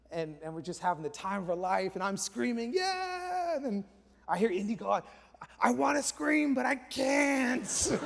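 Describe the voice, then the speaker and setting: A high-pitched male pastor in his thirties tells a story from the pulpit with lively energy, now and then dropping his voice to a hush. His sermon rings out with a long reverb, as if in a large church hall.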